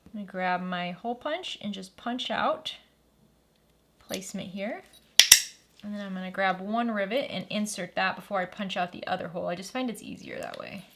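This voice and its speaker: A woman with a medium-pitched voice hosts a sewing tutorial at a moderate pace, with noise in the background. She goes through each step in a friendly, practical way, sometimes pausing to correct herself.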